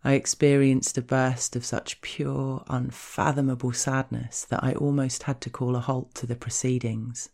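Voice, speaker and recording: A woman reading a scripted erotic story in the first person, with a measured, intimate delivery. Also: a bass voice, flat delivery, darkish tone. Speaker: narrator.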